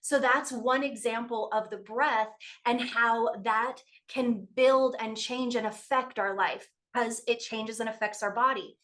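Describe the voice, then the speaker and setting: A Canadian woman, a yoga teacher, calmly explaining breathing practices as a podcast guest. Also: fairly high pitch, a little slow, few pauses. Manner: calm, explanatory, steady guidance with frequent affirming replies. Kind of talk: podcast conversation.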